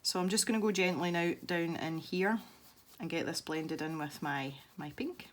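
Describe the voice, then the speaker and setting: She's a Scottish woman with a fairly low voice, speaking at a normal pace. While colouring, she demonstrates an art technique for her channel in a loose, rambling chat full of easy laughter.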